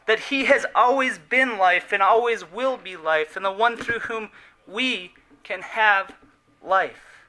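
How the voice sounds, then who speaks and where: A man delivers a sermon with a high, strikingly bright and forceful voice. He preaches earnestly and with emphasis, slowing on key words. His phrase endings drop away softly. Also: poor audio.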